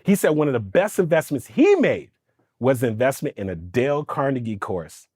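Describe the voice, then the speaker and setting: A man in his thirties telling a personal story in an interview, animated and acting out the voices of the people he quotes. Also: mid-range voice, normal speed, breathy edge, dry recording, clean studio sound. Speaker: guest, storytelling coach.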